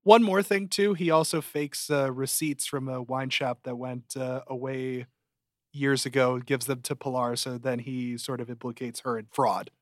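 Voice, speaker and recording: A podcast co-host chats casually and jokingly while reviewing a TV show, his voice jumping up whenever he gets emphatic. He has a medium-pitched, steady voice at a moderate pace, recorded in studio quality with no room sound.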